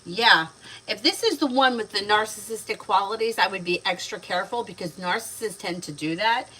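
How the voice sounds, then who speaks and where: A woman's voice: mid-range voice, a little fast, pushed and bright, slight background noise, poor audio. A woman in her thirties giving chatty, casual tarot readings on a livestream, laughing often as she talks. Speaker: tarot reader.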